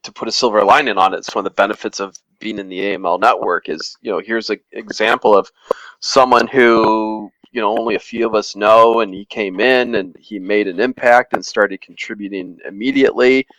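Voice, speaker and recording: A man's voice: on the low side, steady tone, a little fast, fairly bright tone, no room sound, poor audio. A man in a casual podcast group chat, remembering a friend in an easygoing, thoughtful way.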